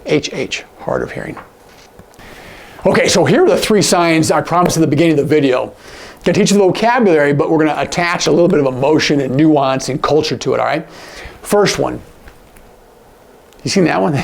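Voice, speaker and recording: A man teaching sign language in a casual, animated way, acting out example lines with big jumps in his voice. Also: a little high, creaky. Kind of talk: casual instructional talk.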